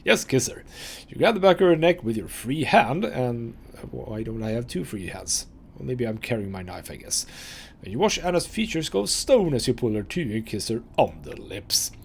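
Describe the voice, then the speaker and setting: Gravelly man chatting through a game. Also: medium pitch, lively intonation, normal speed, slight background noise. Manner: chatty, reads game text aloud with fillers. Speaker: let's play host. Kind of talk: casual game commentary and reading aloud.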